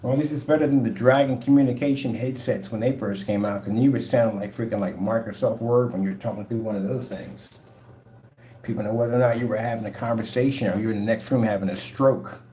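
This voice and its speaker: Speaking quickly in a fairly low, warm voice with a steady tone, a man casually demonstrates his projector screen paint. The setting is a home room with a projector and a gray wall, and his rambling sales pitch is emphatic. Roomy echo colors the audio.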